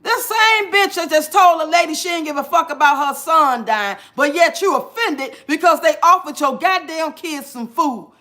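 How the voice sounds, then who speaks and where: A woman gives blunt, profane reaction commentary to her viewers. Her voice sits high and sounds bright and sharp. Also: normal speed, few pauses. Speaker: commentary streamer.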